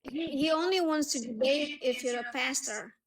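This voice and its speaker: A female livestream co-host with a somewhat high voice. She chats casually, agreeing and explaining in a plain, matter-of-fact way. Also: normal speed, a crowd in the background, low-quality recording.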